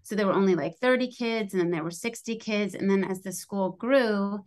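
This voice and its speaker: A middle-aged American woman talks through a long story in a casual interview. She is chatty and lively and acts out the voices of the people in her story with a lifted pitch. Her voice sits in an ordinary middle range for a woman. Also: brisk. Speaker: podcast guest, school lunch program founder.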